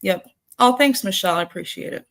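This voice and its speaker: A woman's voice: medium pitch, expressive, fast. A woman hosting a livestream, greeting viewers by name in a casual, laughing, swearing chat. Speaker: livestream host.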